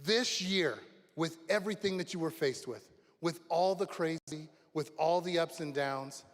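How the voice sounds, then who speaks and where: A high-voiced man tells a story at a graduation ceremony, building excitement and shouting at the wild moments. His voice carries the long reverb of a big venue. It is a speech to a crowd, not a chat. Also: unhurried. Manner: animated, shouting the exciting parts. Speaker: graduation speaker. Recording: long reverb of a large hall.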